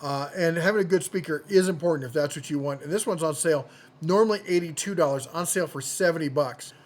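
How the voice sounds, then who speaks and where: A man with a slightly raised pitch runs through weekly product deals as a channel host. His delivery is casual and jokey, and he often restarts a sentence to correct himself. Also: fast talker. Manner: chatty, jokey, self-correcting. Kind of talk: casual product deal rundown.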